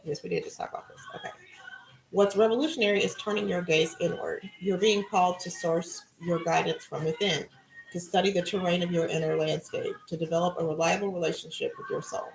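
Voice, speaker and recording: Gravelly low-voiced woman musing spiritually. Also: fairly quick, echoey room, slight background noise, poor audio. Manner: relaxed, musing, conversational. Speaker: spiritual card reader. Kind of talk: casual spiritual talk.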